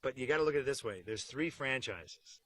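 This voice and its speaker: A middle-aged actor in a behind-the-scenes interview, joking wryly with deadpan asides. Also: male voice, mid-range voice, brisk, dry recording, low-quality recording. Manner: acts out silly voices mid-story.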